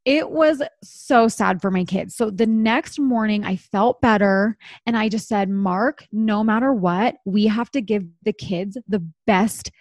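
A woman's voice: mid-range voice, a little slow, hardly any pauses, darkish tone, dry recording, studio quality. A woman in her thirties telling a story in casual chat, acting out the quotes and laughing often.

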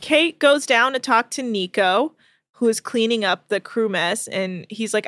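A woman hosting a podcast, recapping a show in a chatty, rapid storytelling way with plenty of fillers, close to the mic. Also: fairly high pitch, fairly bright tone, dry recording. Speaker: podcast host.

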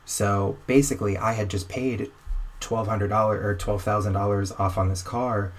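A young man in a casual conversation, telling a personal story in a wry, animated way and acting out the voices of the people he talks about. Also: fairly low pitch, moderate pace. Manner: animated, wry storyteller who acts out quoted exchanges.

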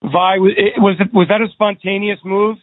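A male radio host puts short, conversational questions to his guest. His voice sits a little high. The sound is dry and thin, like a phone line. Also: little pitch movement, moderate pace, no room sound.

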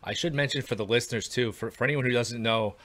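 A man hosting a casual sports podcast, asking questions in a measured way and hedging his claims. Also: medium pitch, fairly bright tone. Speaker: podcast host.

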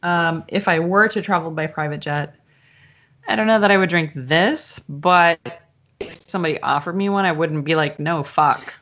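A woman co-hosting a casual podcast chat, slowing down and drawling when she savors a topic, swearing playfully. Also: on the low side, a bit bright. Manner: drawls slowly on favorite things, swears playfully. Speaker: podcast co-host. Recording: dull lo-fi podcast audio.

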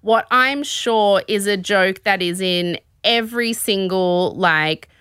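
A woman hosting a casual podcast, telling a story in an animated, chatty way. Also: mid-range voice, takes it slowly, clear, resonant tone, dry recording, studio quality. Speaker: podcast host. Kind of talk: casual chat recapping a show.

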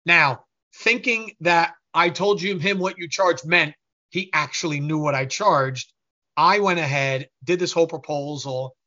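A man with a fairly high, bright voice tells a business story as an interview guest. He is animated and acts out the people he quotes. The audio is a bit dull and lo-fi. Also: unhurried.

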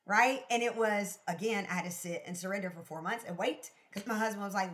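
A woman guest in a casual interview, telling her story in an expressive, emphatic way and laughing often. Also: mid-range voice, a little fast, hardly any pauses. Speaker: podcast guest, sales consultant.

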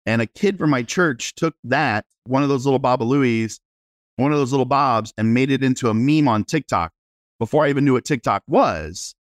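Animated self-deprecating man telling stories. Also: mid-range voice, moderate pace, dry recording, studio quality. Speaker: realtor guest. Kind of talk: casual interview storytelling.

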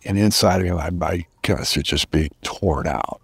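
A man's voice: deep voice, moderate pace, breathy edge, no room sound. A middle-aged man as a podcast guest, earnestly telling a personal story with reflective emphasis.

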